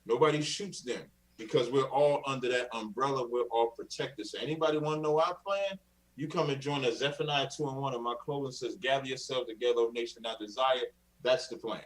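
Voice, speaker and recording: A man's voice: medium pitch, fairly quick, recorded from a distance, rough recording. A man arguing insistently in a heated live-stream debate, speaking in a preachy, sermon-like way.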